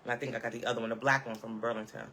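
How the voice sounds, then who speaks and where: Woman vlogger, off-the-cuff live-chat commentary, sharp bright tone, sassy and emphatic. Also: a bass voice, flat delivery, racing, a little hiss or hum. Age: adult, parent of a school-age child. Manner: sassy, emphatic, punctuates points with "okay?" and laughs.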